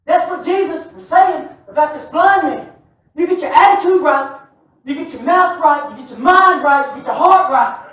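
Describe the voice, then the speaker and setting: A male preacher delivering a lively sermon, joking with and calling out to his congregation. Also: very high-pitched, normal speed. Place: church sanctuary. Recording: very echoey church hall, mic far off.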